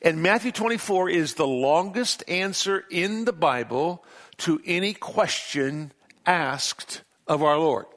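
A man with a somewhat higher voice preaches to his congregation. He reads scripture aloud and leans hard on key words, slowing down to stress them. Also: fairly bright tone. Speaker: pastor. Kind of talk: sermon.

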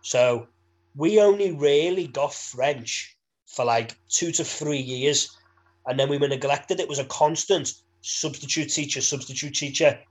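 A laddish young man with a Liverpool accent banters casually as a podcast co-host, swearing freely and laughing a lot. His voice is fairly high and his pace measured, on a low-quality recording.

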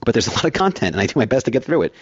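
Fast-talking man hosting finance radio. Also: mid-range voice, very animated, husky, no echo, dull audio. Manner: fast-talking, rambling with everyday analogies. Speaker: fill-in radio host.

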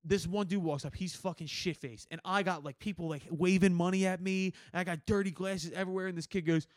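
A young man with a high-set voice tells a raucous story from behind the bar, full of swearing and quoted back-and-forth. He sits right at the mic in a dry, dead room. It is relaxed podcast banter among friends. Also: quick pace, no room sound. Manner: animated, profane storytelling with acted-out quotes. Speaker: podcast co-host.

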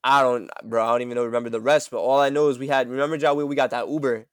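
A man's voice: medium pitch, fairly even intonation, very fast, smooth, no echo, studio quality. A young man hosting a casual podcast chat, telling a laid-back, slang-filled story. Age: young adult. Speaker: podcast host.

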